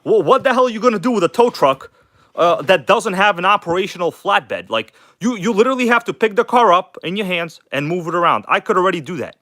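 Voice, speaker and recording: A man's voice: sits high, lively intonation, fast, bright, forceful tone, no room sound, clean studio sound. A man hosting a casual live stream, rambling and chatty, talking bluntly and enthusiastically to his viewers.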